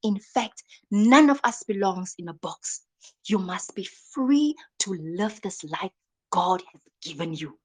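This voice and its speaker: Woman, slow unhurried delivery, dramatic faith sermon with hushed whispers. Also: mid-range voice, animated. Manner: dramatic, drops into soft whispers. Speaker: motivational speaker. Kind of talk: inspirational sermon.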